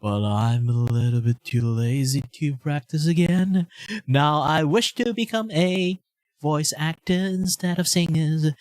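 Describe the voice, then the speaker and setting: A man's voice: on the high side, dry recording. A man making casual chat on a live art stream, rambling and half-singing his words. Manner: rambling, half-sung, slow and drawn out.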